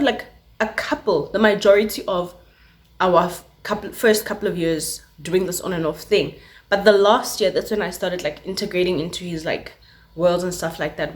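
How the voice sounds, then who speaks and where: A South African woman vlogger telling a story casually, full of filler words, switching languages mid-sentence and acting out sounds. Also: fairly low pitch. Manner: animated storytelling with sound effects. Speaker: YouTuber.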